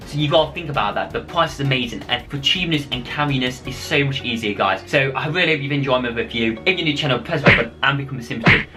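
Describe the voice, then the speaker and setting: A man talks through a product review in a loose, chatty way. He repeats phrases and keeps calling his viewers guys, in a voice of middling pitch. Faint music plays underneath. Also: fast talker, few pauses, sharp tone. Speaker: tech reviewer.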